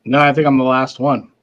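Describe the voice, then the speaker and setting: A man's voice: mid-range voice, fairly bright tone, lo-fi sound. Joking, rambling married man. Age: adult, married. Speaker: panelist tasting rubs. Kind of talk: casual podcast chat.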